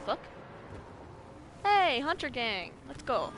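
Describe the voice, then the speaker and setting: Lisping young woman gaming, lively pitch. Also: takes it slowly. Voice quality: slight lisp from braces. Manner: chatty, swears when frustrated. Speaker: gaming streamer. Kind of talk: casual gameplay commentary. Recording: music playing behind.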